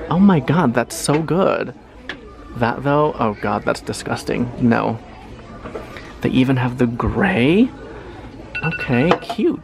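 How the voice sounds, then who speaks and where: Young male vlogger, gravelly fry in his voice, animated and chatty over background music. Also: medium pitch. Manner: animated, chatty, with dramatic reactions. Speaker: lifestyle vlogger. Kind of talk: shop-with-me vlog narration. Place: large home decor store.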